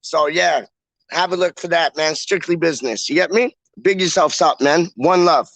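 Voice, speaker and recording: A man's voice: fairly high pitch, normal speed, creaky, a bit bright, no echo. A man hosting a casual livestream, rambling in slang with lots of "like" and restarts. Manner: slangy, rambling, heavy use of "like". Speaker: livestream host. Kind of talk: casual live chat.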